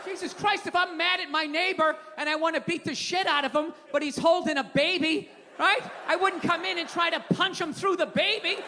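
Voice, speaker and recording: A man doing a stand-up comedy set on stage, sardonic and profane, building into loud exasperated rants. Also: extremely high pitch, brisk. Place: large live venue with audience. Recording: reverberant hall with crowd and noise.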